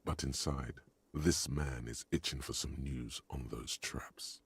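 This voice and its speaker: Dude doing a super deep gravelly narrator voice for a video game, slow and grave. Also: male voice, steady tone, no echo, heavily acted. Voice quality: deep husky rumble. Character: solemn male game narrator, dry and knowing.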